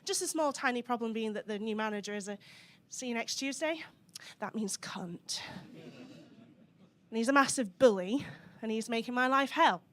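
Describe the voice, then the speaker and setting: A young woman from the Scottish Highlands with a soft Highland accent, performing a dry, sweary stand-up comedy set on a club stage. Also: normal speed, slight background noise. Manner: dry, sweary, sardonic delivery.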